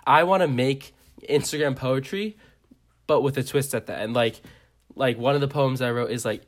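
A young man co-hosting a casual comedy podcast. He rambles from one absurd idea to the next and delivers it deadpan. His pitch sits in the ordinary middle range. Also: normal speed. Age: young adult. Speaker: podcast co-host.

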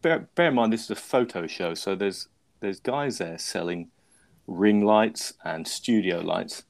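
A man's voice: fairly low pitch, a little slow, gravelly. A man hosting a podcast, telling a story in a rambling, self-mocking way with lots of restarts. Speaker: podcast host. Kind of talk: casual chat.

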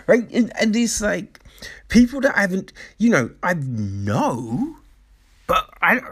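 A man ranting casually to camera, swearing freely as he tells exasperated stories. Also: medium pitch.

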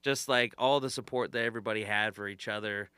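A man hosting a comedy podcast in a bright, forward voice. He is chatty and enthusiastic, quick to laugh. The sound is close and dry. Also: on the low side, steady tone, smooth, no room sound. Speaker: podcast host. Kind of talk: casual podcast chat.

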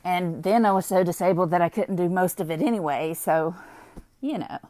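A young woman with a drawl rambles through a loose, confessional chat while high. She laughs often and swears freely. Her voice sits a little low, and the recording is dry and close. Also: moderate pace, dark tone, dry recording. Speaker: vlogger.

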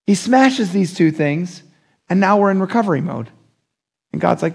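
A young adult man preaching a casual midweek sermon, talking in an animated, conversational way with slang and acting out the voices he quotes. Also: high voice, moderate pace, creaky, breathy edge. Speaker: pastor.

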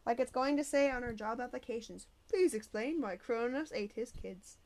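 A snide schoolgirl, as a woman reader puts her on mutters sarcastic remarks to a friend. Her voice is pitched a little higher and sounds mocking and dismissive. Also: normal speed, a little mellow, natural voice.

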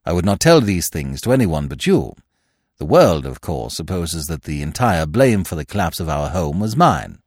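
A man voicing a suave, verbose young gentleman in a storybook reading, speaking in ornate, grave, mock-sincere sentences. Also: sits low, sing-song, normal speed, slightly rough, dry recording, clean studio sound, pitched below the performer's own voice, heavily acted. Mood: mock-solemn.

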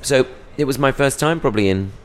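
A young British comedian from England, touring stand-up, rambles self-deprecatingly in a podcast interview. He speaks British English in a mid-range voice, a little fast.

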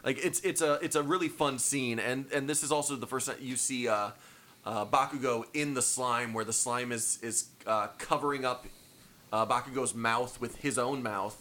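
A man's voice: mid-range voice, moderate pace, sharp tone. A young adult man in a casual chat, co-hosting, rambling with fillers and enthusiasm. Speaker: podcast co-host.

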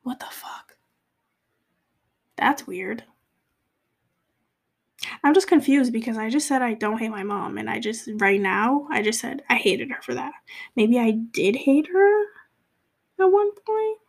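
Speaking at a normal speed with vocal fry, a young Cape Verdean woman shares a painful period of her life in expressive, confessional vlog-style storytelling. Her slightly high voice rambles through fillers and restarts, sometimes sinking to a hushed whisper.

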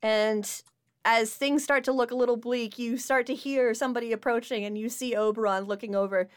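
A woman's voice: on the high side, fairly even intonation, a little fast. A woman narrating as game master of a tabletop role-playing game, laughing easily between descriptions. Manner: laughs often while narrating.

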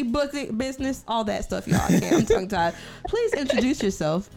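A woman's voice: fairly high pitch, big pitch swings, a little fast, gravelly, few pauses, darkish tone, faint music behind. A woman co-hosting a live call-in talk show, bubbly and laughing often. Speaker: co-host.

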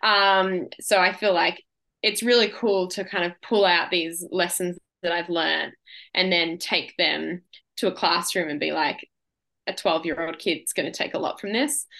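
Bright, chatty young woman from Australia. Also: mid-range voice. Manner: chatty and rambling, laughs often. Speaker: guest, ultra runner. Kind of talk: casual interview chat.

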